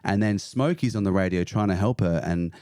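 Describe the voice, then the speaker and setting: A man with a fairly low voice eagerly walks a podcast host through a film's plot. He swears casually and keeps breaking into laughter. The recording is dry and close, with no room sound. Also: fairly quick, mellow, no echo. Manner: enthusiastic storyteller, swears freely, often breaks into laughter. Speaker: podcast guest. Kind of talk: casual chat, retelling a film plot.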